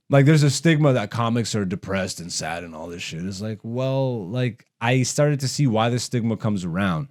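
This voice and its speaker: A young man talks on a casual comedy podcast. He rambles, swears freely and gets heated. His voice sits at an ordinary middle pitch. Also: a little mellow. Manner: heated, profane, rambling monologue.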